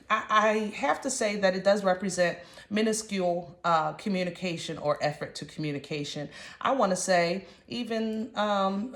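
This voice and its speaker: A woman giving a casual tarot reading in a chatty, slangy, emphatic way. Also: medium pitch. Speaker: tarot reader. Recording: roomy echo.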